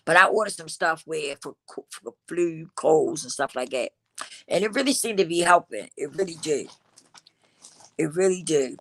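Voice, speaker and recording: Woman, livestream host, bright clear tone, dry close sound, emphatic and preachy, slightly stuffy. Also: deep voice, no room sound. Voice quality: slightly congested from a cold. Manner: emphatic, preachy, addresses the audience as y'all; African American Vernacular English speech. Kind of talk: casual motivational talk to viewers.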